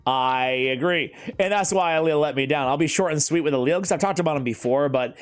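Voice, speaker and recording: A man's voice: a little high, brisk, clear, resonant tone, soft background music. A man hosting a casual gaming chat, rambling with lots of fillers and laughing often. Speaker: YouTube gaming channel host.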